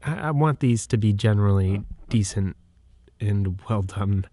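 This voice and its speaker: Hesitant young man, low dry voice. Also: a little slow, mellow, dry recording. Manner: hesitant, frequent restarts and self-corrections. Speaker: podcast host. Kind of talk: casual solo podcast monologue. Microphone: microphone.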